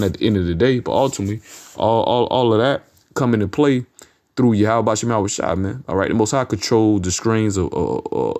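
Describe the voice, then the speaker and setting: A street preacher with a lowish, warm voice preaches informally from scripture, blunt and profane. He often ends lines with "man" and "you know what I'm saying," and reads verses slowly and with emphasis.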